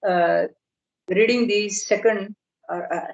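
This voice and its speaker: Middle-aged woman teaching over a video call, slow careful explaining, average pitch. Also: steady tone, creaky, lo-fi sound. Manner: measured, explanatory, slow on terms. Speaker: lecturer. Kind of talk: online academic lecture.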